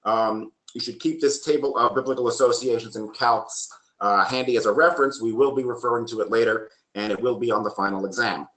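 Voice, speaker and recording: A man's voice: medium pitch, fairly even intonation, brisk, fairly bright tone. A man presenting a genealogy workshop from slides, explaining steadily with frequent ums and the odd dry joke. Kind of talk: lecture with slides. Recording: roomy echo.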